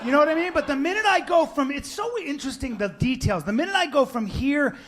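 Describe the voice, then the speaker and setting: A man's voice: very high voice, lively intonation, quick pace, fairly bright tone. A man doing stand-up with rambling, conversational asides. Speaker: stand-up comedian. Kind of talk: stand-up set. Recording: live club with noise.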